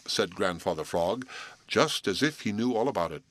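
A man reading a children's storybook aloud as audiobook narrator, expressive. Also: low-pitched, normal speed, dry recording, clean studio sound. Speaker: audiobook reader.

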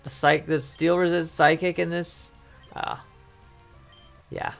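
A man hosting a let's play, rambling and thinking aloud over his gameplay while his voice is going hoarse. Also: fairly high pitch, flat delivery, takes it slowly, fairly bright tone, soft background music. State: losing his voice. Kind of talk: casual gameplay commentary.

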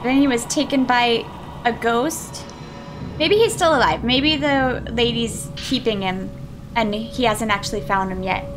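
A woman's voice: on the high side, a little slow, over music. A woman playing a horror game, reacting on the fly, swearing and shrieking when scared. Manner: reads game text aloud in Japanese. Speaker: gaming streamer. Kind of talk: let's play commentary.

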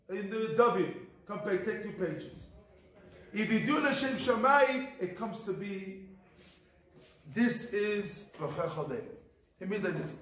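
A man's voice: high voice, a bit bright. A man, a rabbi, teaching a Torah class in an emphatic, repetitive manner, his English mixed with Hebrew terms. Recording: echoey room.

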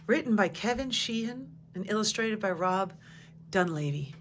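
A woman reading a children's picture book aloud, gentle and clear. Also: medium pitch, expressive, moderate pace, slight background noise. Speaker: storybook reader. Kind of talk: children's story read-aloud.

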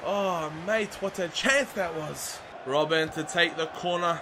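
A young man giving excited, chatty commentary over his own football video game match, shouting at the big moments. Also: high-pitched, moderate pace, few pauses. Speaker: gaming YouTuber. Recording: audible background noise.

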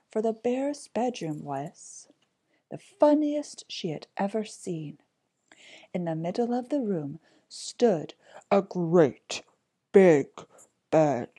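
A woman reading a fairy tale aloud, gentle and slow, dropping some words to a whisper. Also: lowish voice, breathy edge. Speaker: storybook reader.

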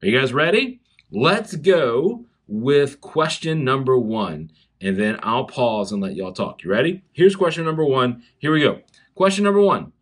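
Lively Southern man telling a story. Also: mid-range voice, normal speed, husky. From South Carolina, USA. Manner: animated storytelling, speaks directly to children. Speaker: chapel speaker for schoolchildren. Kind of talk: children's chapel talk.

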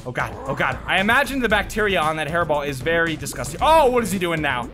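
A young man giving excitable commentary over a video game, chatting to viewers and breaking into loud yelps and shouts during the action. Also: fairly high pitch, fast talker. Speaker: gaming video host. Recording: faint game music behind.

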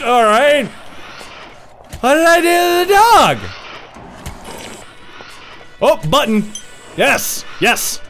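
A man hosting a let's play, giving sarcastic, excitable commentary as he plays a horror game. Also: very high voice, drawn-out words, pauses often, slight background noise. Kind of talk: casual gameplay commentary.

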